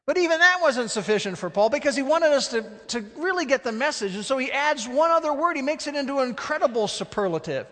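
A man preaching a sermon with animated delivery, swinging between loud emphatic peaks and hushed, low phrases. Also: fairly quick, big-room sound. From Alabama. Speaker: pastor.

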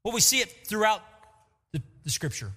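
A man preaching a sermon as pastor, lively and acting out quotes to make his points. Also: high voice, moderate pace. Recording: long hall reverb.

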